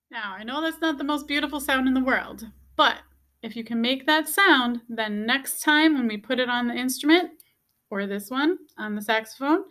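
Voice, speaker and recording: A woman's voice: fairly high pitch, pushed and bright. A woman teaching a beginner music lesson, patiently repeating each step and checking in with "okay?". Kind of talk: instructional video lesson.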